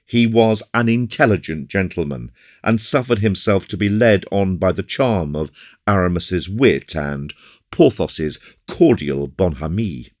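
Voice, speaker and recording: A man narrating a classic adventure novel in an expressive, animated way. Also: low-pitched, a little slow, no room sound, clean studio sound. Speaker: audiobook narrator. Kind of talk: scripted narration.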